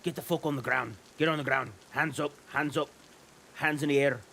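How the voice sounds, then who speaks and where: A swaggering armed man in a deliberately bad Scottish accent barks orders and curses, played by a man. The voice sits at an ordinary middle pitch, and a faint hiss runs under it. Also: steady tone, gravelly, pushed and bright. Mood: aggressive. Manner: barking commands, swearing.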